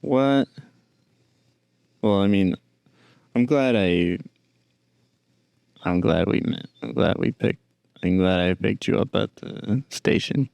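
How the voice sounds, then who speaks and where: A man's voice: fairly low pitch, slow, vocal fry, long pauses, darkish tone, no echo. A man hosting a podcast, rambling dryly on his own and talking to his pet. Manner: rambling, dry, talks to a pet. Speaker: podcast host. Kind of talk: casual solo chat.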